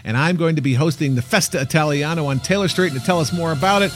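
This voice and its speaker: A man from Chicago hosting a casual radio chat, joking and bantering with quick lively delivery. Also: fairly high pitch, music in the background. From Chicago, USA. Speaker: host.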